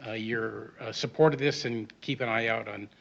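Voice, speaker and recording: Man, meeting announcements, halting, lots of uh, muffled lo-fi sound. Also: fairly low pitch, gravelly, fairly bright tone, slight background noise. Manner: halting, many fillers. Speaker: club member making announcements. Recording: dull lo-fi audio.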